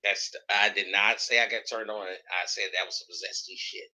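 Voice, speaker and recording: A man's voice: fairly low pitch, steady tone, moderate pace, pushed and bright, poor audio. A man co-hosting a casual livestream, joking around and cursing freely. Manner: joking and profane.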